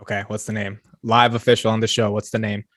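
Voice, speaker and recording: Fast-talking young man, animated. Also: fairly low pitch. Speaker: startup founder and podcast co-host. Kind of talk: casual podcast banter.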